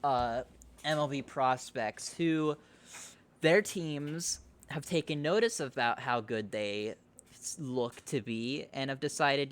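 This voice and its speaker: A man hosting a casual podcast, with a voice of ordinary middle pitch. He rambles loosely, drops swear words, and laughs easily. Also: takes it slowly, a bit bright. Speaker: podcast host. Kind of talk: casual chat.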